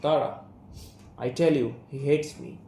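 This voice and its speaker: A young man with an Indian English accent voicing a sharp, resentful young woman as he reads a play aloud, speaking her name and the stage directions too. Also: mid-range voice, fairly even intonation, measured pace, close to an everyday voice. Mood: bitter. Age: young adult. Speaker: student reader. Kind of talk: reading an audio play aloud. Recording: roomy room, faint hiss.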